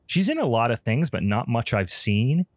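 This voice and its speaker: A man's voice: medium pitch, sing-song, moderate pace, no room sound, clean studio sound. A man hosting a podcast in casual chat, rambling and profane with frequent ums. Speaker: podcast host.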